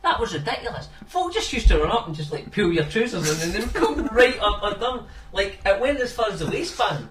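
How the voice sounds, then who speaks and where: A man in casual chat as a podcast co-host, telling stories in an animated, sweary way. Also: high-pitched, a little fast, hardly any pauses, reverberant, distant mic, noisy background.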